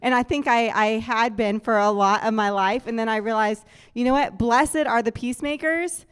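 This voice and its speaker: A woman speaks earnestly and steadily at a business conference, adding the odd filler as she explains. Her voice is smooth and clear, a little higher than most. It carries with a long reverb through a large hall. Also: normal speed. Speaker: co-host, business partner.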